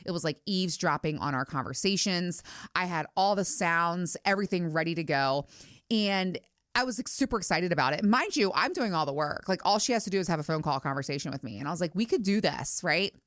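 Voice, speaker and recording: A woman's voice: on the low side, lively intonation, brisk, a bit bright, no echo, clean studio sound. A middle-aged woman hosting a podcast, telling a candid story in a chatty, profane way and acting out the quotes. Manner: chatty, candid, swears freely, acts out quotes. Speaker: podcast host. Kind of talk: casual storytelling monologue.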